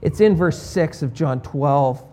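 A man's voice: on the high side, takes it slowly, warm tone, slight background noise. A man preaching a sermon as pastor, telling the story with emphasis and a playful, sarcastic streak.

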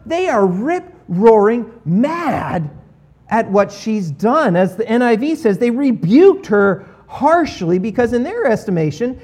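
A man's voice: high-pitched, darkish tone. A man preaching a sermon as pastor, telling the story with emphasis and a playful, sarcastic streak.

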